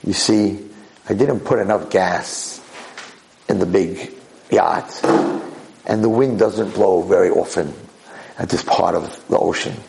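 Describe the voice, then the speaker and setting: A man doing a calm wise dad, lowish gravelly voice, reassuring. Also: takes it slowly, long pauses, heavily acted, poor audio. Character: wise wealthy father, calm and loving.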